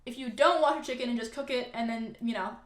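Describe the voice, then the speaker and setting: A woman's voice: fairly high pitch, fast, reverberant. A young woman chatting casually and sarcastically as she reacts to online comments, sounding exasperated. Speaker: content creator reacting to comments.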